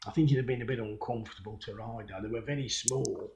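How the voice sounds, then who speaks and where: An older man with a Brummie accent talks casually over old pictures, chatty and reminiscing. His voice sits at an ordinary pitch. He sounds relaxed and conversational as he goes. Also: fast, a crowd in the background. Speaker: viewer sending in a video.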